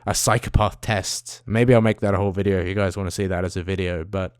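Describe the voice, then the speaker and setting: A young man rants to his camera in a rambling, foul-mouthed, self-mocking way. His voice sits a little low. The sound is dry and close. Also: fairly even intonation, quick pace, a little mellow, clear, resonant tone, no echo. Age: young adult. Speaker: vlogger. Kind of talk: casual rant to camera.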